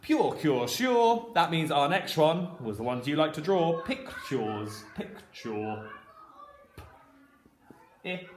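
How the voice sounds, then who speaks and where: A man teaching a phonics lesson to young children with a regional English accent, sounding out words slowly and stretching each sound. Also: a little high, expressive. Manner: slow, drawn-out sounding out of words. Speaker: primary school teacher. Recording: roomy echo with faint noise.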